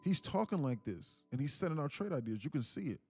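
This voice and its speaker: A man's voice: a little high, big pitch swings, a little fast, a little mellow, soft background music. A man hosting a live trading stream and mentoring viewers, talking in a rambling, slangy way with many restarts. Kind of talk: casual live-stream talk.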